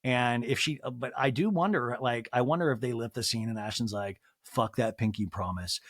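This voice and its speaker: A man hosting a podcast, chatting casually and excitably, laughing often and slipping into exaggerated voices for quotes. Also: mid-range voice, brisk, no room sound, studio quality. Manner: jumps into exaggerated voices when quoting people. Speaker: podcast host. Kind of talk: casual chat recapping a TV episode.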